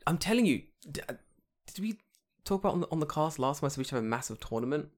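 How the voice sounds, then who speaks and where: A man co-hosting a podcast in casual chat, excitable and profane, breaking into loud outbursts. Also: on the high side, fast. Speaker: podcast co-host.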